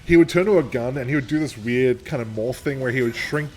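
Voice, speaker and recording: A man's voice: mid-range voice, fast, darkish tone, a little hiss or hum. A young man co-hosting a gameplay video, rambling in casual chat, laughing often and swearing casually. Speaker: gameplay co-host. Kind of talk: casual let's-play chat.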